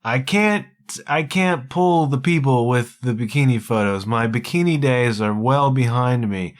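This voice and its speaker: A man's voice: mid-range voice, measured pace. A middle-aged man hosting a solo podcast in a playful, self-mocking, theatrical way. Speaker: podcast host.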